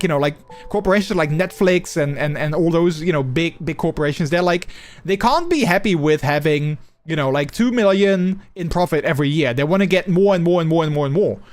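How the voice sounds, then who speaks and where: A man's voice: fairly high pitch, expressive, brisk. A Dutch man with a subtle Dutch accent, a live streamer chatting casually, reading his chat aloud and answering it. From Netherlands. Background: faint background music.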